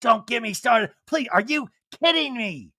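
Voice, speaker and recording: A man's voice: very high-pitched, animated, measured pace, pushed and bright, no room sound, voice pushed up, heavily acted. A man impersonating a dramatic, defensive middle-aged woman reality star, huffy and indignant as she rattles off grievances.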